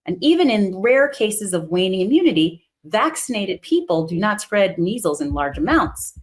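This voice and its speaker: Animated woman doctor setting facts straight. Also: mid-range voice, normal speed. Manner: firm, explanatory. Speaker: co-host, doctor. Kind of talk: explaining health facts.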